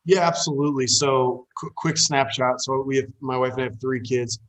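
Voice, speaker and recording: A man's voice: mid-range voice, normal speed, slight background noise. A man in his forties, a pastor, telling a personal story on a call in a candid, conversational way that turns heated. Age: 40s. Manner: candid, grows heated and animated while recounting. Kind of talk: casual storytelling on a training call.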